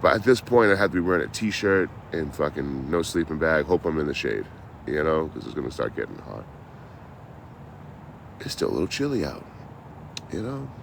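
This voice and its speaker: A man's voice: extremely low pitch, sing-song, moderate pace, vocal fry, pauses often, a little hiss or hum. A man chatting on a casual outdoor livestream, telling road stories in a profane, rambling, laid-back way. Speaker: traveling live streamer.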